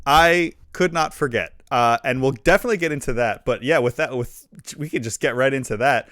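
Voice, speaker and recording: A man's voice: mid-range voice, a little fast, a bit bright, dry recording, studio quality. A man hosting a casual livestream interview, upbeat and chatty, often breaking into laughter. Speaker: podcast host.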